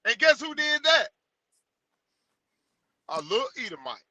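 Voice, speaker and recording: A man's voice: very high voice, very animated, a little slow, sharp tone, dry recording. A man co-hosting a livestream, commenting emphatically and mockingly on the news. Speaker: co-host. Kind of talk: casual political commentary.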